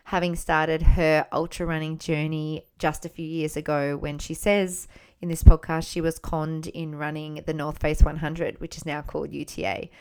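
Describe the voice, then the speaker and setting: A woman's voice: low voice, little pitch movement, normal speed, clear, resonant tone. Enthusiastic Australian woman hosting a podcast. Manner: enthusiastic, warm, with many fillers. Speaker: podcast host. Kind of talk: podcast interview.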